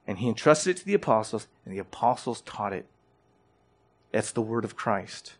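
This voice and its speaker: This pastor's voice is on the low side and very animated, moving at a moderate pace. He pushes his sermon forward through pointed questions and building emphasis, frequently repeating words as phrases start.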